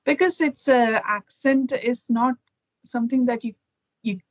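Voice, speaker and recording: A woman's voice: a little high, a little slow, dry recording, lo-fi sound. A middle-aged woman from Kerala with an Indian accent, a guest in a casual conversation over a video call, thoughtful and full of fillers and restarts.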